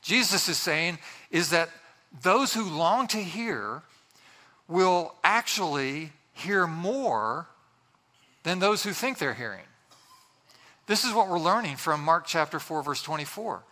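A man's voice: fairly high pitch, lively intonation, slow, pushed and bright, big-room sound. A man preaching a sermon as pastor, earnest and conversational, often restarting his sentences.

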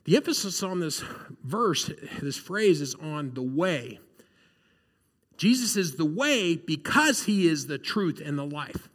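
A man's voice: on the high side, very animated, slow, a bit bright, in a large hall. A male pastor giving a sermon, earnest and conversational, often checking in with the congregation.

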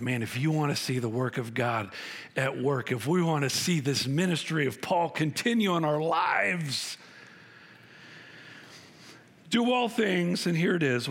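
A man preaching a sermon as pastor, emphatic and repetitive, with wide swings in pitch. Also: fairly bright tone.

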